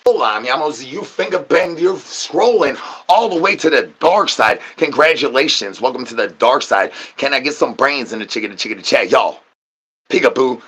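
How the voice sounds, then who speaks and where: A man with a husky, breathy edge to his voice hosts his own stream in a rambling, absurd comedy monologue. His patter is crude and slangy, looping back to playful catchphrases again and again. His pitch sits in an ordinary middle range. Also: bright, forceful tone.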